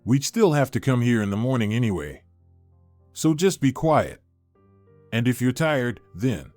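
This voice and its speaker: Man reading as cheerful teenage son, bossy but kind, middle pitch, dry close sound. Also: sing-song, a little slow, darkish tone, dry recording, soft background music.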